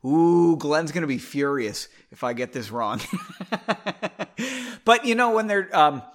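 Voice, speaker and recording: A man's voice: on the high side, expressive, slow. A man reading his own novel aloud, stopping for rambling, self-deprecating asides. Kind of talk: audiobook reading with casual asides.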